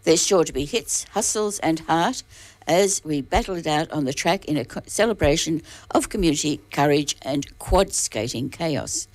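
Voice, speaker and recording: A woman's voice: sits low, a little mellow, dry recording. A woman reading local newspaper articles aloud on radio, restarting words and adding dry asides.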